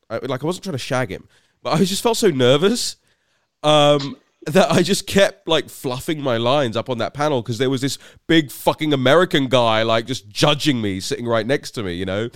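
In a medium-pitched voice, a podcast host from West London, England, relates a casual anecdote with a British accent, rambling, self-deprecating and frequently starting over. The studio-quality recording has no echo.

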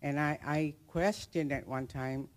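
A man in the audience sharing a personal testimony, halting and reflective. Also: on the high side, steady tone. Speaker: audience member.

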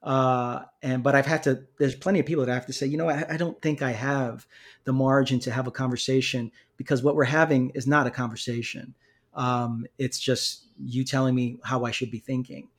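A man who is a pastor, talking as a guest in a casual interview, thoughtful and measured with frequent fillers. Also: mid-range voice, flat delivery.

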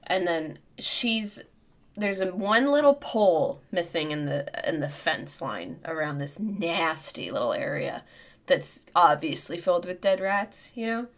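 Animated, foul-mouthed woman telling a funny story. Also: on the low side, measured pace. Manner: animated, profane, comic storytelling. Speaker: podcast co-host. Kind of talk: casual storytelling chat.

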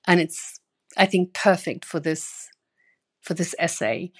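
Female newsletter host reading aloud at home; slow, earnest, leaning hard on key words. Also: lowish voice, fairly even intonation. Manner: earnest, emphatic reading with sudden stressed words. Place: bedroom.

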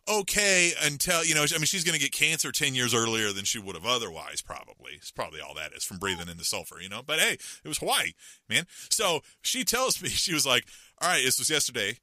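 A middle-aged man rambles through a self-mocking story as a podcast co-host, full of fillers and restarts. His voice is very bright and his pitch jumps around a lot. The sound is dry and close. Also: lively intonation, quick pace, no room sound. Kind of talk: casual chat.

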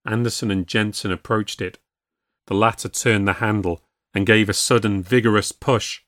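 A man's voice: fairly low pitch, steady tone, fairly bright tone, no echo, clean studio sound. Man reading a ghost story. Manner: measured, storytelling. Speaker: podcast narrator.

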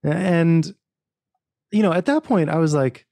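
A man, an author and book producer, telling a story as a podcast guest in an animated way, acting out quoted dialogue and restarting often. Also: a little high, unhurried, no echo. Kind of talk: casual interview storytelling.

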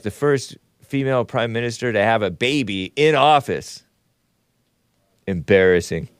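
A man's voice: mid-range voice, smooth, no echo, studio quality. Sarcastic male call-in show host. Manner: sarcastic, scoffing asides. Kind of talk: casual call-in commentary.

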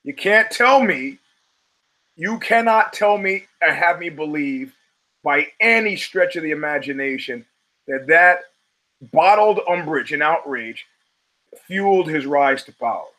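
A man's voice: fairly high pitch, expressive, a little slow, pushed and bright, poor audio. A man hosting a solo podcast, talking in a wry, profane, digressive way with emphatic punches. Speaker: podcast host.

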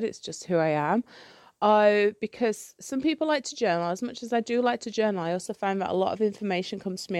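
A woman's voice: mid-range voice, no echo, studio quality. A woman hosting her own podcast, talking candidly and rambling with plenty of fillers and restarts. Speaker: podcast host. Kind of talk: candid solo podcast chat.

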